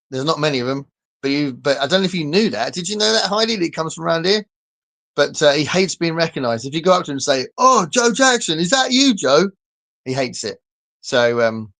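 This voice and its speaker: A man with a southern English accent, talking at a middling pitch in a relaxed, rambling way. He reads out and answers viewer comments on a casual live stream, often breaking into laughter. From southern England. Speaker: livestream host reading comments. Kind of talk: casual chat.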